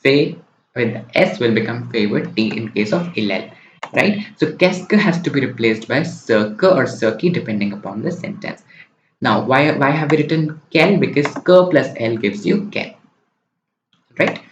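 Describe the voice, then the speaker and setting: Here the French tutor sounds animated, with a medium pitch and a moderate pace, as he leads an online exam-prep lesson. He walks through each step and keeps asking "right?" or "okay?", and a little background noise comes through the roomy, dull lo-fi recording.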